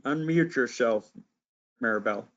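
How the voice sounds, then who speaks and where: A man's voice: medium pitch, measured pace. A man hosting an online meeting, speaking in a friendly, conversational way. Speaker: meeting host. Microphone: video call. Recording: muffled video call audio.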